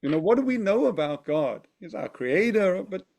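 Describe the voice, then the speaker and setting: A man's voice: high voice, big pitch swings, moderate pace, creaky, darkish tone. A man teaching a text study class, thinking aloud and often checking in with his listeners. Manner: thoughtful, often asks "right?".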